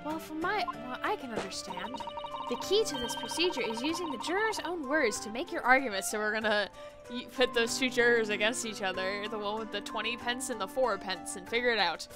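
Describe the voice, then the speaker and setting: A woman's voice: fairly high pitch, lively intonation, brisk. A woman streaming a video game, chatting casually and reading the game's text aloud. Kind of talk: casual gameplay commentary. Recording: game music playing loudly behind.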